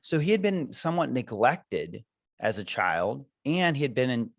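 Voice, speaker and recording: A man's voice: medium pitch, very animated, moderate pace, gravelly, no room sound. A man who coaches parents, talking earnestly and reflectively in a podcast conversation, with many fillers.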